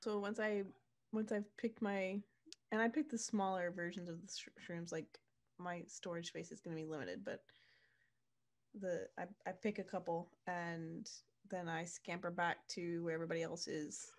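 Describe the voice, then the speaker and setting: A woman's voice: fairly low pitch, moderate pace. Chatty woman tabletop player. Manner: chatty, with restarts. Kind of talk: tabletop role-play chat.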